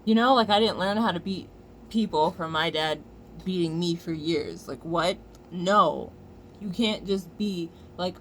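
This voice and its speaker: An American woman vlogger delivering a heated, profane commentary rant with loud outbursts. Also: lowish voice, normal speed, a little hiss or hum.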